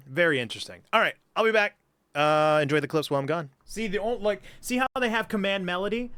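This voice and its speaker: Excitable streamer man with lively pitch. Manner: excitable, swears and laughs a lot. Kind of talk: casual gameplay stream chat.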